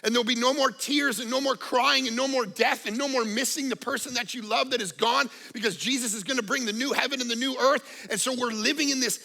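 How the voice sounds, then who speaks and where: Gravelly, bright-voiced middle-aged male pastor. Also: very high voice, a little fast, few pauses. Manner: animated storytelling, swings from hushed to shouting. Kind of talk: sermon.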